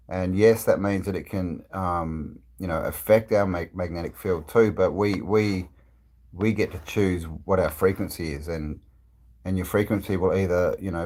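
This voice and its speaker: A man with a very low voice hosts a casual live stream, answering viewers' comments as they come in. He rambles at a relaxed pace, trailing off and restarting his sentences with plenty of fillers. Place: indoors, travelling.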